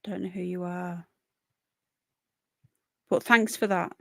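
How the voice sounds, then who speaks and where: A woman's voice: fairly low pitch, steady tone, slow, creaky, dry recording. British woman rambling on a livestream, reading chat, dry close sound. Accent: British English. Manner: chatty, rambling, talks to chat viewers by name. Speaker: livestream host. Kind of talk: casual live chat reading comments.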